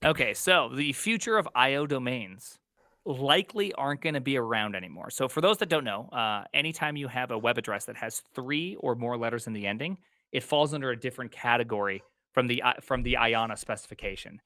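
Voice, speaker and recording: A man co-hosting a casual tech podcast, excitable and full of quick restarts. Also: mid-range voice, dry recording, clean studio sound. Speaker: podcast co-host.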